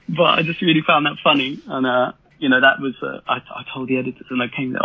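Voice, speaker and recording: British man with a husky, tinny voice. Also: medium pitch, level tone, fast talker, no room sound. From Britain. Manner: rambling, hesitant, many fillers and restarts. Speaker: manga artist guest. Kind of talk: casual podcast interview. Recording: husky voice over a tinny phone-like call line.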